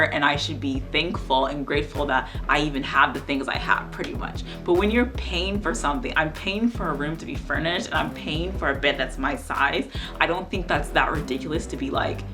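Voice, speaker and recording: A young woman telling a story in a casual vlog, animated and exasperated, with lots of "like". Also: low-pitched, moderate pace, music in the background. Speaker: vlogger.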